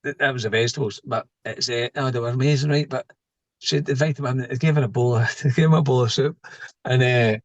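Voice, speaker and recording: A man's voice: mid-range voice, steady tone, brisk, no room sound, lo-fi sound. A middle-aged man, a podcast guest telling stories in a casual, joking way and laughing at his own tales. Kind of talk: casual storytelling interview.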